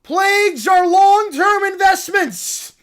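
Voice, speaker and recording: A man voicing an excitable little male bear with shrill, wildly enthusiastic proclamations. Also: slow, exaggerated voice. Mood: zealous.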